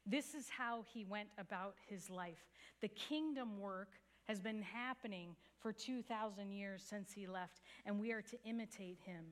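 A woman pastor delivers a sermon in an earnest, storytelling voice. Her pitch sits in a middle range, and she speaks in a conversational, down-to-earth way. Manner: earnest storytelling with a few soft laughs.

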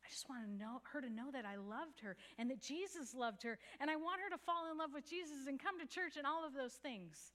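A woman's voice: high voice, brisk, hardly any pauses. A woman pastor preaching a sermon, telling a story in an earnest, conversational way. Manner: earnest storytelling with a few soft laughs.

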